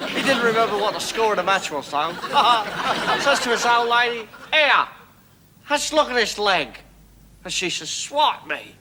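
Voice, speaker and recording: A man's voice: sits high, sharp tone, a little hiss or hum, full character voice. A man playing a crude cockney punk who tells gags, brash and cackling, in a sketch comedy monologue.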